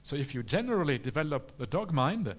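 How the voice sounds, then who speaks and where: A man, a Buddhist monk, answering questions at a retreat in a relaxed, humorous way with many "uh" fillers. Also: fairly high pitch, a little fast. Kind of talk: dharma talk question and answer.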